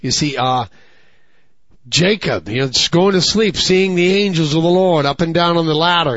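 A middle-aged male pastor, preaching a sermon with call-and-response questions and swinging between loud emphatic highs and hushed lows. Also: no echo. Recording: slightly dull, dry sound.

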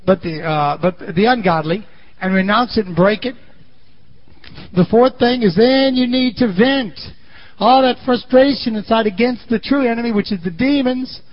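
A man delivers an animated sermon, swinging between loud and quiet passages. His voice is extremely high-pitched and moves at normal speed, captured on a muffled lo-fi recording.

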